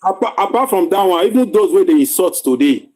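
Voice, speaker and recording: Nigerian man, slightly high and mellow voice, halting talker who hunts for words with lots of "uh"s. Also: lively intonation. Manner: halting, many "uh" fillers while searching for words. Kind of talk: casual discussion.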